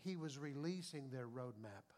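A man preaching a sermon as pastor, folksy and conversational, dropping to soft confiding talk and rising to loud preaching. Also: mid-range voice, animated, moderate pace.

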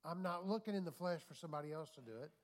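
A man's voice: fairly high pitch, racing. A man, a pastor, preaching a sermon with repeated phrases and call-and-response asides. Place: church.

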